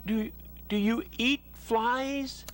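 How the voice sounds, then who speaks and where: A reader voicing a young male pig who is timid and easily frightened, talking in a high, pleading voice. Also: fairly even intonation, very slow, a bit bright, a little hiss or hum. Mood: timid, curious. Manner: pleading, anxious, high-pitched. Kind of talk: storybook read-aloud.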